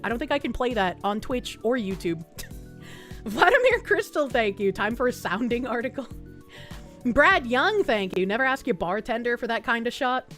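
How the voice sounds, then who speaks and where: Faint music plays behind a woman whose slightly high voice is sing-song and a bit bright at normal speed. A livestreamer with a Boston accent, she reads chat and thanks viewers in a casual, profane way, often breaking into laughter.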